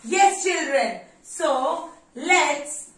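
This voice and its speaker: A woman's voice: high voice, animated, very slow, pitched below the performer's own voice, exaggerated voice. A woman voicing a cheerful, boastful talking number three in a sing-song manner. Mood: proud, sing-song. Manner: sing-song, proud, coaxing. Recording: echoey room, mic far off.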